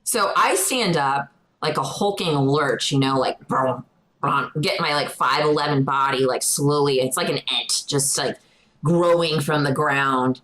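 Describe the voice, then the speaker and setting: A woman's voice: deep voice, measured pace, fairly bright tone, poor audio. A young adult woman, co-hosting a podcast, telling a story animatedly and acting out quotes in a raised voice. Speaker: podcast co-host. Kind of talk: casual storytelling chat.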